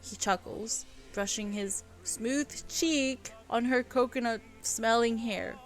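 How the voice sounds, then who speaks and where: A woman's voice: a little high, takes it slowly, few pauses, soft background music. A young woman casually reading her own story aloud on a live stream, often laughing and stopping to comment on it.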